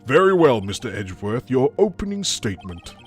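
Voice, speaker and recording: A man's voice: medium pitch, big pitch swings, brisk, faint music behind, natural voice. An Australian man voicing a stern male judge from a game, speaking in a formal, pronouncing way.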